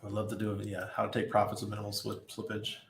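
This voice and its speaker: A middle-aged man hosts a casual livestream from his apartment, talking loosely and laughing often as he reads out viewer comments. His voice sits on the low side, and it rings a little in an echoey room. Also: completely flat delivery, fast talker, gravelly, a little hiss or hum. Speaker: livestream host. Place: apartment above a busy nightlife street. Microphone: studio mic at desk.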